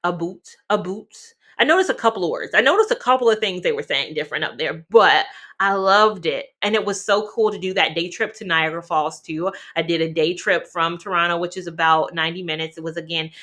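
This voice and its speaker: Woman from north carolina vlogging about trips, lowish voice but real bright, chatty and lively. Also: fairly quick. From North Carolina, USA. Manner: chatty, animated, talks to viewers directly. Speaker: travel vlogger. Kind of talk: casual chat to camera.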